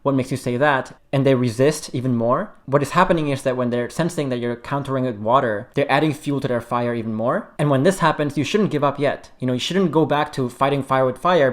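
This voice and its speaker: Calm man coaching on relationships. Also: medium pitch. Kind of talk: direct-to-camera advice talk.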